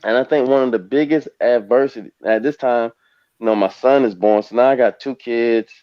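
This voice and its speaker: Speaking at a normal speed in a medium-pitched voice, a retired American basketball pro in his forties rambles emotionally about his life on a panel. The audio has no echo, with the highs cut off.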